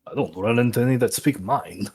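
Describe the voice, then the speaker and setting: A man's voice: mid-range voice, brisk, darkish tone, slightly rough. A man playing a tabletop game, making dry, wry remarks in character. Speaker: player. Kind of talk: casual tabletop role-play.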